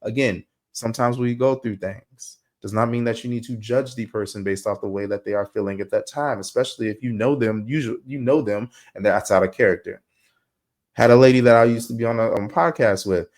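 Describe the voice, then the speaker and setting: A young man hosting a podcast, talking casually and telling stories in a slangy, animated way. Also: mid-range voice, brisk. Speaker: podcast host. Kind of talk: casual monologue.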